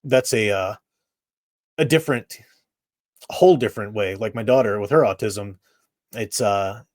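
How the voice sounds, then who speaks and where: A man's voice: on the low side, moderate pace, no echo, studio quality. A middle-aged man hosting a live stream, giving his blunt opinions in casual chat and laughing at his own remarks.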